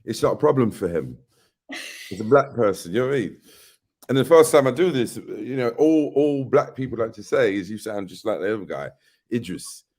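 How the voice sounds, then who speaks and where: A middle-aged actor, appearing as an interview guest, chats casually at a fairly quick pace in a medium-pitched voice. He's an animated storyteller who acts out the voices of the people he quotes.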